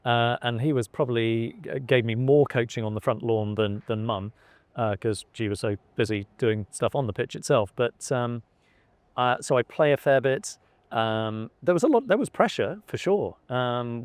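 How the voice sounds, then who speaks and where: A middle-aged man from England answers interview questions in a hesitant, halting way, full of fillers and self-corrections. His voice sits at a middle pitch. The recording is dry and close, with no room sound. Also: no room sound. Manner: hesitant, many fillers and restarts. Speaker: interviewee, son of a cricketer. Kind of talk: conversational interview.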